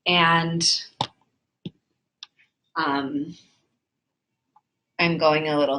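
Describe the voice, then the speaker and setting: A woman hosting a live webcam chat room from home, talking straight into her phone or webcam. She reads out viewer messages and chats back in a flirty, easily flustered way. Her voice is bright with a sharp edge, at a middle pitch. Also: measured pace, a little hiss or hum. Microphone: phone or webcam mic.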